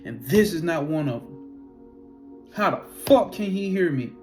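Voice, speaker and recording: A man voicing an alarmed, all-seeing cosmic male watcher who shouts in frantic disbelief. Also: on the high side, expressive, moderate pace, faint music behind, close to an everyday voice. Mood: shocked.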